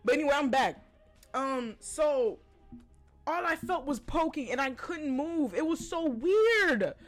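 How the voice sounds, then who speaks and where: A young woman hosting a podcast, casually telling a personal story with lots of animated asides and quoted voices. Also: sits high, measured pace, faint music behind. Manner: chatty, animated retelling with quoted voices and laughs. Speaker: podcast host.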